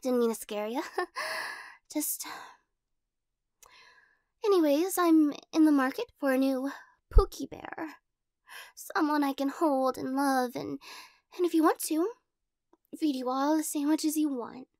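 A woman's voice: high voice, expressive, takes it slowly, pauses often, a little mellow, no echo, clean studio sound, full character voice. A woman playing a weird, giggly girl in whispered role-play. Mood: quirky.

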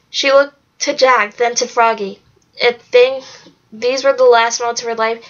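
A woman reads a novel aloud in a fairly high voice, keeping a steady pace and now and then stumbling and correcting herself. The home recording is dull and lo-fi. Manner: steady reading with occasional slips and self-corrections. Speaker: narrator.

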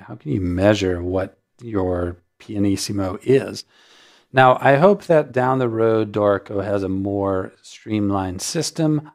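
A man hosting a music notation software tutorial, explaining settings in a relaxed way with frequent ums. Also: on the low side. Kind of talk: screen-recorded software tutorial.

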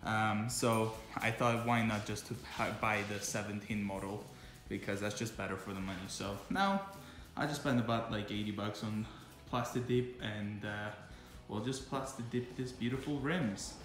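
A man's voice: fairly low pitch, steady tone, moderate pace, a bit bright, echoey room, soft background music. A man chatting casually in a vlog about his car, loose and informal, now and then talking to his dog. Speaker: car vlogger.

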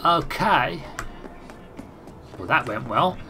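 A man's voice: fairly high pitch, lively intonation, drawn-out words, pushed and bright, soft background music. A British man giving casual let's-play commentary, chatting and thinking aloud as he plays and reading game text aloud. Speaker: gaming channel host.

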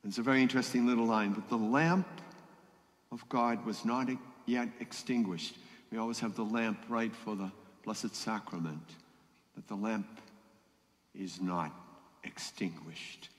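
A man's voice: medium pitch, moderate pace. A man, a priest giving a homily at Mass in a conversational way, often asking the congregation questions. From Boston area. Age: 70s. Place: church. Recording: long church reverb.

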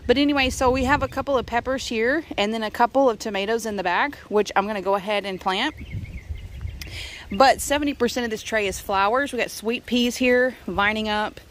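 A woman's voice: a little high, brisk. A woman giving a casual garden-tour vlog outdoors, chatty and enthusiastic as she lists her plants. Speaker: gardening vlogger. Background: faint wind and outdoor noise.

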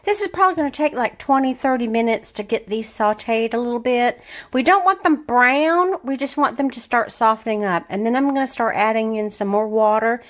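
A woman's voice: fairly high pitch, fairly quick, reverberant. A woman chatting casually through a home cooking how-to in her kitchen, laughing often and drawing out some words. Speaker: home brewing vlogger.

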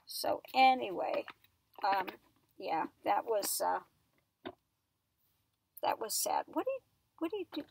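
Chatty gravelly-voiced woman. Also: mid-range voice, very animated, slow, long pauses, a little mellow. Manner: rambling, chatty, coos to her dog. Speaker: tarot reader. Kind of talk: casual chat. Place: home.

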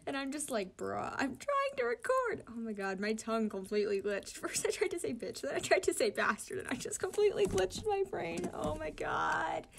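A woman's voice: sits high, animated, a little fast, creaky, few pauses, a little hiss or hum. A tired woman giving casual commentary on comic dubs, laughing often, swearing and tripping over her words. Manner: giggly, swears freely, stumbles over words. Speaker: comic dubber.

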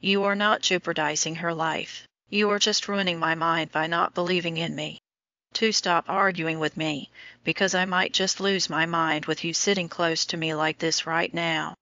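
A woman's voice: lowish voice, fairly even intonation, normal speed, bright, forceful tone, no echo. A woman voicing an intense, lovesick young man in an audiobook romance, speaking in an urgent, pleading way. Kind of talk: audiobook dialogue reading. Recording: dull lo-fi audio.

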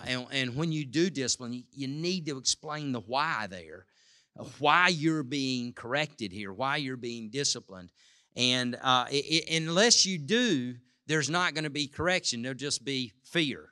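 A man's voice: mid-range voice, lively intonation, a little slow, sharp tone, no room sound, studio quality. A male pastor, sharing family stories in a casual conversational sermon with many restarts.

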